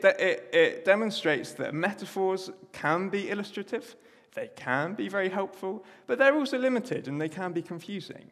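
A man's voice: a little high, fairly bright tone. A man preaching a sermon in a church, chatty with self-deprecating asides. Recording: echoey church hall.

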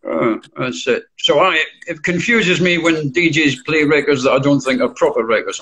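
A man's voice: a little high, normal speed, few pauses, fairly bright tone, low-quality recording. An older Scottish man, a DJ guest in a casual interview, talking bluntly and swearing freely. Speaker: guest, DJ and record collector.

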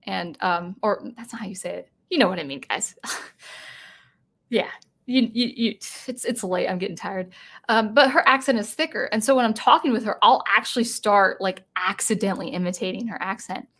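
A woman hosting a late-night live stream in a loose, conversational voice that sits at an everyday middle pitch. She rambles, restarts her sentences and corrects herself as she goes, and reads viewer comments aloud. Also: normal speed, a bit bright. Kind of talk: casual live-stream chat.

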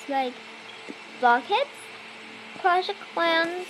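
A woman's voice: sits high, slow pace, pauses often, a little hiss or hum, poor audio. A young girl chatting casually to viewers as she plays a block-building game, rambling and talking to herself. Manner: rambling, self-talking while playing, non-native phrasing. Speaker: let's play creator. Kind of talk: casual gameplay commentary.

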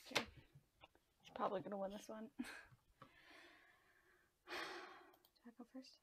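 A woman's voice: on the high side, steady tone, slow, very noisy. A young woman casually talking through her own gameplay, giggling often and exclaiming to herself as she plays. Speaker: gaming channel host.

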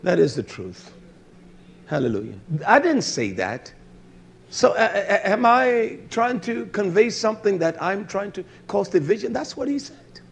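A pastor with a high, sing-song, creaky and slightly rough voice preaches at an unhurried pace. He tells stories, repeating phrases for stress and swearing bluntly as he grows louder.

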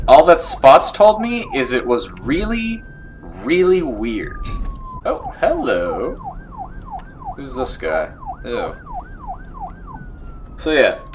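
A man's voice: mid-range voice, slight background noise, rough recording. A young man hosting a video game playthrough, reading the game's dialogue aloud in silly voices and joking between lines. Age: young adult. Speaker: let's play host. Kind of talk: let's play commentary with dialogue read in voices. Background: game music.

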